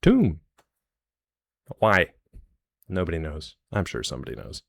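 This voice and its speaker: A man's voice: sits low, animated, moderate pace, dry recording. A man streaming live, chatting loosely with his viewers in a jokey, rambling way.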